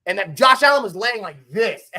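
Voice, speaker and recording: A man's voice: high-pitched, lively intonation, normal speed, gravelly, pushed and bright. A man co-hosting a casual sports podcast, talking animatedly and often turning to his co-host by name.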